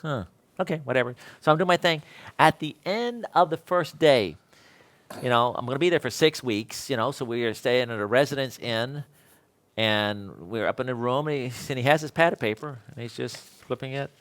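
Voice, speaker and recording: A man's voice: mid-range voice, normal speed, fairly bright tone. A middle-aged man, an electrical instructor, telling an anecdote to a class and acting out both sides of the conversation. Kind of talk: storytelling anecdote in a lecture.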